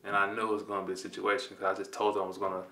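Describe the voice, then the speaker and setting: Speaking very fast with a low pitch, a completely flat delivery and a sharp tone, a man in his twenties from Compton, California narrates a personal story. He's laid-back and slangy, acting out the dialogue, and the recording is roomy with the mic at a distance.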